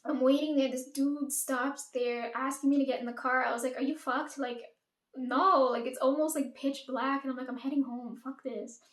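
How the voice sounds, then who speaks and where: Chatty woman, roomy echo. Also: fairly high pitch. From Caribbean. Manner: chatty, profane, fillers "like" and "right?". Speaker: storyteller. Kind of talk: casual storytime chat.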